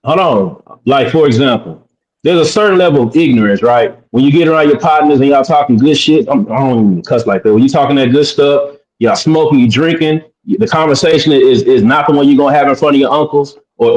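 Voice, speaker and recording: A man with a mid-pitched voice explains his view in casual, halting speech on a panel call. His mic sounds dull and lo-fi. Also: a little mellow. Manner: casual, halting, repeats himself. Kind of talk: panel debate.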